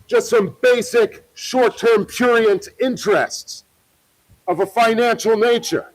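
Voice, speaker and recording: A man with a high, raised voice confronts people outdoors, taunting and swearing as he films on a handheld camera. His talk is a steady stream of jeering challenges in a street livestream. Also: slow pace, rough recording. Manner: heckling, profane, taunting. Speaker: protest livestreamer. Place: outdoors by a parking lot.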